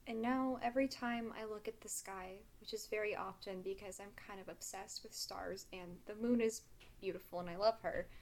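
A woman's voice: mid-range voice, fairly even intonation, moderate pace, a little hiss or hum. A woman co-hosting a podcast, chatting in an emotional, effusive way. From Wisconsin. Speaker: podcast co-host. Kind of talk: casual chat.

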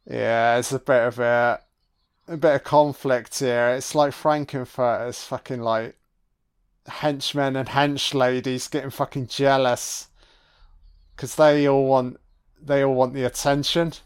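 A man giving an audio-only film commentary, reacting with profane, excitable remarks. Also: medium pitch, slow, smooth.

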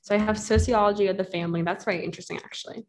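A woman's voice: mid-range voice, steady tone, rapid-fire, a little hiss or hum. A young woman, a college student, chatting casually on a video call and filling her talk with "like" and giggles. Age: young adult. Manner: chatty, many "like" fillers, giggly. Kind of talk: casual catch-up chat.

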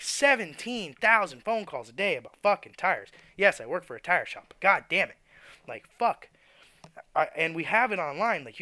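A man's voice: on the high side, bright, forceful tone, dry recording. A man who works at a tire shop, ranting bluntly and cursing about rude customers. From Florida. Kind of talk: profane venting rant.

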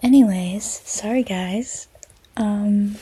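Chatty teenage girl, soft husky voice. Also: medium pitch, slow. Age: teens. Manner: rambling, filler-heavy, self-interrupting. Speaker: podcast host. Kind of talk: casual solo podcast chat. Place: her bedroom at home.

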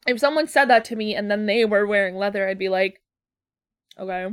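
A woman's voice: mid-range voice, fast, fairly bright tone, clear, resonant tone, no echo, clean studio sound. A woman in casual comedic chat, wry and profane, often laughing.

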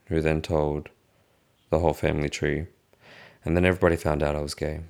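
A young man frankly telling a personal story to camera, casual and swearing freely, often restarting his sentences. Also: sits low. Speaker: vlogger.

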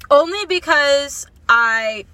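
A woman co-hosting a casual podcast, talking in animated slang with frequent swearing. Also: high-pitched, takes it slowly, no echo, recorded from a distance. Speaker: podcast co-host. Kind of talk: casual chat.

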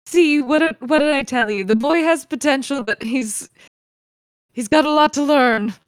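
A woman's voice: sits high, no echo, pitched above the performer's own voice, natural voice. A woman playing a stern, bossy old matron. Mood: scolding. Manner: brisk and scolding.

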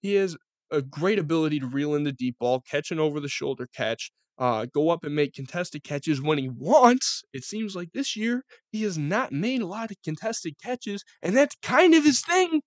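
A young man with a Western New York accent rants about his team in a casual podcast, swearing freely and rambling through his points. His voice sits a little high, and the sound is dry and close with no room around it. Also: normal speed, no echo. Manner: profane, rambling, excitable storytelling. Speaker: podcast host. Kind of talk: casual sports commentary.

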